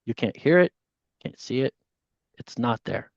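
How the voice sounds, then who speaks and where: A man tells a story as a podcast guest and acts out each person in it with lively energy. His voice sits at a middling pitch. The recording is muffled and lo-fi, with a dry, close sound. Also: a little slow, gravelly, no echo. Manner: animated storyteller, voices the people in his stories. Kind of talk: casual storytelling. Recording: dull, dry lo-fi audio.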